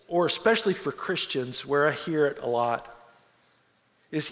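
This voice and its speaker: A man's voice: on the high side, lively intonation, normal speed, fairly bright tone, long reverb tail. A man preaching a sermon as a pastor, earnest, repeating words as he presses his points.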